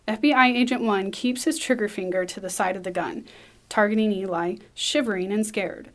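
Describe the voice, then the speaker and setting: A woman reading a screenplay aloud, brisk, with small slips and restarts. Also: mid-range voice. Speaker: script reader.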